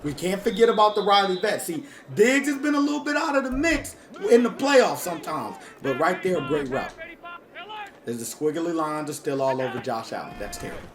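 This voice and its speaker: A man's voice: a little high, very animated, a little fast. A man doing casual, hyped commentary over his own video game, talking straight to his viewers in slangy speech. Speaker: gaming YouTuber.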